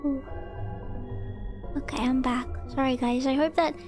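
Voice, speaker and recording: A woman streaming live, reading a guide aloud and chatting hesitantly with many pauses and ums. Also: sits high, fairly even intonation, over music. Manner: hesitant, full of ums and restarts. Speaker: VTuber streamer.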